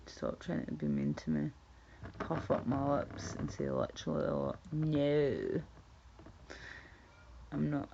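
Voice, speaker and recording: Slow gravelly Scottish woman streaming. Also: sits low, big pitch swings, noisy background. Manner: chatty, swearing, laughing, repeating words. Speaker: livestreamer. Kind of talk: casual chat with viewers. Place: at home. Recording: dull lo-fi stream audio.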